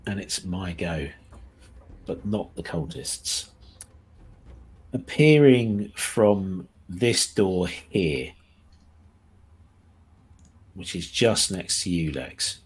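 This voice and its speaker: A man narrating as game master, halting often with ums and small self-corrections, and sometimes laughing as he describes the scene. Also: low-pitched, lively intonation, slightly rough.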